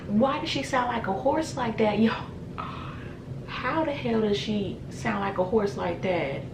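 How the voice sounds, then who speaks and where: A woman vlogger giving excited casual reaction commentary on a music video and exclaiming to her viewers. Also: on the high side, measured pace, vocal fry, background noise. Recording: echoey room with music playing.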